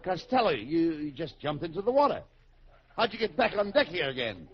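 A man's voice: on the high side, big pitch swings, fairly quick, noisy background. A man playing the exasperated, scolding straight man in a 1940s radio comedy duo, on a dull old broadcast recording.

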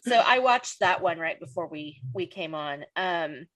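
A woman's voice: lowish voice, animated, a little slow, a bit bright. A young adult woman hosting a casual podcast chat, laughing often and acting out quoted lines in a raised voice. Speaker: podcast host.

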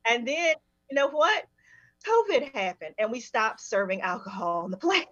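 A woman's voice: fairly high pitch, big pitch swings, normal speed, fairly bright tone, dry recording, lo-fi sound. A woman guest on a podcast, candidly telling a personal recovery story and often laughing as she talks.

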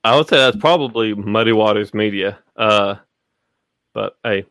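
A man's voice: lowish voice, normal speed, a bit bright, dry recording, clean studio sound. A man hosting a casual podcast chat, rambling with lots of fillers and swearing. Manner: rambling, profane, full of fillers. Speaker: podcast host.

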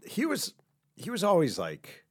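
A middle-aged man, an author being interviewed, telling animated stories in a casual chat and laughing along with his own anecdotes. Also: on the high side, measured pace, slightly rough. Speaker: author guest.

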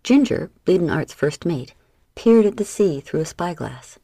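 Woman narrator, low pitch, dark mellow tone, measured dramatic reading, dry studio sound. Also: expressive, dry recording. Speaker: audiobook narrator. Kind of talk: scripted narration.

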